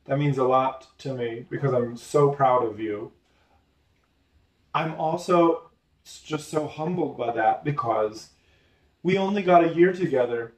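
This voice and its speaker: An educator interviewing a former student in a casual talk, affirming and quick to laugh. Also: mid-range voice, animated, reverberant, distant mic. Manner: warm, affirming, laughs easily.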